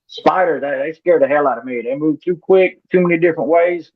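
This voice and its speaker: A man speaking in a plain, halting way during a casual podcast chat, heard over a tinny phone-like line. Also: a little high. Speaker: podcast participant.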